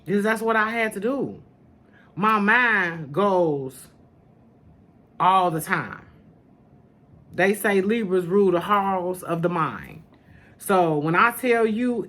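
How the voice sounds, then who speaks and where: Slow, sassy woman podcast host. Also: mid-range voice, a bit bright. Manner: sassy and familiar, calls listeners honey and baby. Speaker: podcast host, spiritual teacher. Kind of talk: casual spiritual talk to camera.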